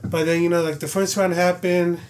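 A man's voice: sits high, flat delivery, brisk, a little mellow. A young man co-hosting a casual sports podcast, laid-back and filling his talk with "you know". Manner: laid-back, lots of 'you know'. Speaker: podcast co-host.

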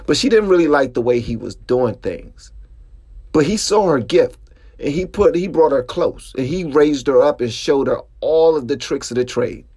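Male podcast host, mid-pitch, casual storyteller, pitch spikes on emphasis. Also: husky. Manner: animated storytelling with sudden rises in pitch. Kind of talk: casual monologue.

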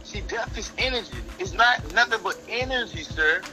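A man rambles through conspiracy theories on a casual podcast in an animated way. His voice sits somewhat high, with music playing clearly behind him. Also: normal speed, low-quality recording. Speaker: podcast co-host.

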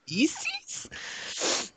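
Excitable man, casual swearing chat. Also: very slow, a little hiss or hum. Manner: excitable, swearing, jumps into high put-on voices when quoting. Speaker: podcast co-host.

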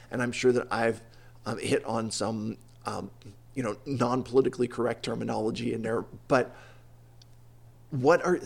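A man's voice: medium pitch, gravelly, slightly rough. A man hosting an interview, asking long, thoughtful questions with hesitant restarts. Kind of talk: conversational interview.

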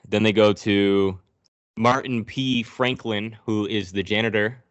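A man's voice: on the low side, fairly even intonation, unhurried, dry recording, muffled recording. A man hosting a podcast, recapping a movie's plot in a sarcastic, profane storytelling manner. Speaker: podcast host.

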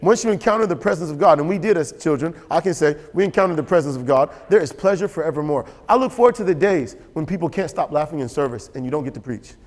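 Male pastor, animated sermon, slightly high voice, long church reverb. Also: fast talker, few pauses. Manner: animated, storytelling with quoted voices and laughter. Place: church sanctuary.

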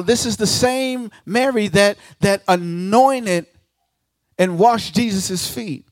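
A man with a high voice preaches slowly and deliberately from a church pulpit, acting out the speakers he quotes. His delivery swings between ringing declarations and hushed near-whispers. The sound is close and dry, with little room echo. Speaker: guest pastor. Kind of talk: preaching a sermon.

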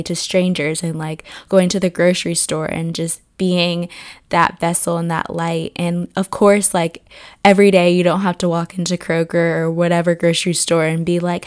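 A podcast host with a faint morning rasp. Her voice sits a touch low, and she talks in an earnest, meandering way full of "like" fillers. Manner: earnest, rambling, many "like" fillers. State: slightly hoarse morning voice. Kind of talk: casual faith podcast reflection.

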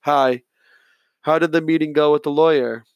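A man's voice: fairly high pitch, steady tone, moderate pace, no room sound, close to an everyday voice. A man reading the lines of a loving young wife on a phone call in an audiobook, in a voice close to his own. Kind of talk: audiobook character voice.

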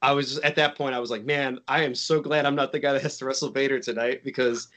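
A Chicago man, a wrestler appearing as a podcast guest, tells a story in casual chat with a mid-range, steady, fairly bright voice at a fast pace. His delivery rambles, full of likes, fillers and restarts.

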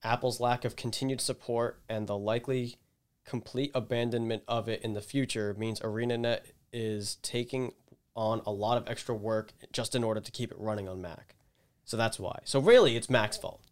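A man's voice: mid-range voice, steady tone, moderate pace. A man co-hosting a casual chat, wry and teasing, swearing bluntly. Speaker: podcast co-host.

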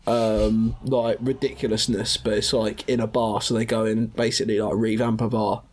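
A man's voice: on the low side, little pitch movement, normal speed, a little mellow, slight background noise. A young man co-hosting a podcast, easygoing and agreeable in casual chat. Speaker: podcast co-host.

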